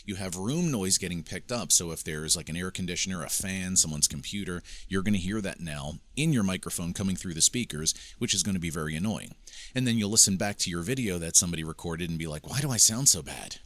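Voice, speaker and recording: A man whose voice sits low and a bit bright talks fast, with no echo in the recording. It's an instructional video demo: in his home studio with a mixing board, he switches between handheld mics and casually shows speakers, step by step, how to handle a microphone.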